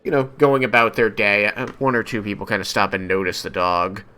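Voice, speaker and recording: A man's voice: lowish voice, fairly quick, smooth, soft background music. A man narrating as game master of a tabletop game, hesitant with many fillers. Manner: hesitant, filler-heavy, lively storytelling.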